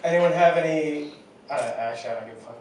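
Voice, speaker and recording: A man's voice: a little high, quick pace, very noisy. A young man doing a stand-up set in a comedy club, telling a crude, rambling, self-deprecating story. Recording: distant, very echoey club recording with loud crowd.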